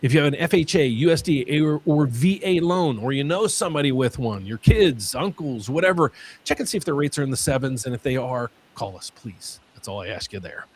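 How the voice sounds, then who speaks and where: A man hosting a mortgage Q&A stream, talking in an excitable way and often repeating his words. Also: mid-range voice, fairly quick, slightly rough. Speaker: mortgage lender host.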